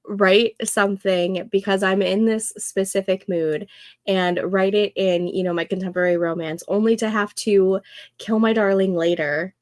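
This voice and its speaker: A young woman hosting a casual co-working livestream, thinking aloud and reading chat comments in a soft, soothing voice. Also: mid-range voice, no room sound. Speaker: livestream host.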